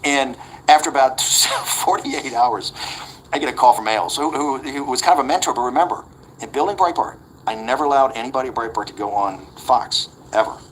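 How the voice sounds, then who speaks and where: A man's voice: medium pitch, a little fast, slight background noise, rough recording. A man in his sixties telling an interview story, blunt and combative, often restarting and repeating words. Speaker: interview guest.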